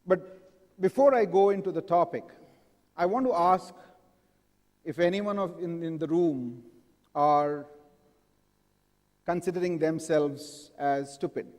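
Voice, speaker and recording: A man speaks in a fairly high voice to a live audience in a large hall. He often stops to ask the crowd questions. A long reverb trails after his words. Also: takes it slowly, long pauses, darkish tone. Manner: engaging, asks the audience frequent questions. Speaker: conference speaker. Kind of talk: live conference talk.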